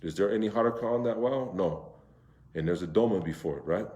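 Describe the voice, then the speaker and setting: A man teaching Quran recitation to a class, drawing out Arabic words slowly and asking his students questions. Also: lowish voice, dark tone, muffled recording. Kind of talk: interactive class lesson. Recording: echoey room.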